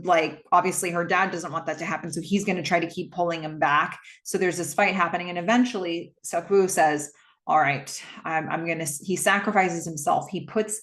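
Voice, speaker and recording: A woman's voice: lowish voice, fairly bright tone. A woman casually retelling a film's plot, chatty with lots of fillers and visibly moved. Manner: conversational with many fillers, emotional. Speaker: film recap host. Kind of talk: casual movie recap.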